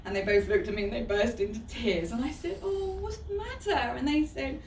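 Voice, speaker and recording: A woman tells a personal story to an audience in a chatty, warm way, laughing often. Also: mid-range voice, animated, fairly quick, a little hiss or hum. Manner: chatty, laughing often, says "you know" a lot. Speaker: speaker giving a talk. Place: event hall. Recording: roomy hall, voice from far off.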